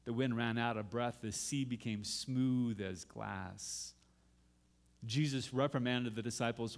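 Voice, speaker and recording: A man's voice: medium pitch, steady tone, a little slow, vocal fry. A middle-aged man preaching a sermon as pastor, dramatically reading scripture and acting out pleas to God.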